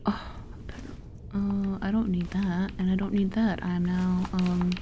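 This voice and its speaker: A woman's voice: on the low side, steady tone, normal speed, warm tone, a little hiss or hum. A woman streamer giving casual, playful commentary while playing a game, giggling and swearing freely. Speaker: gameplay streamer.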